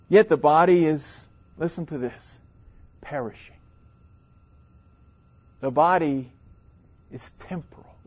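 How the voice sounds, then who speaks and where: A man from South Louisiana, preaching a sermon with emphatic, drawn-out delivery and dramatic pauses. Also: sits high, dull audio.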